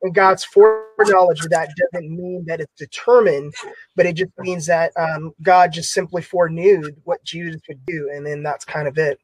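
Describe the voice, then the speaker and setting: A man's voice: on the high side, fairly even intonation, normal speed, breathy edge, no echo, low-quality recording. A man hosting an online Bible class discussion, talking casually with many fillers. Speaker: class host.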